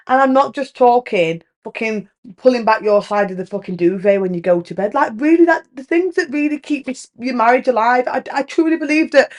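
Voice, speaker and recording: A woman in her thirties with a British accent, hosting a podcast in frank, animated casual chat, swearing freely and acting out what others say. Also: sits high. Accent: British English. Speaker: podcast host.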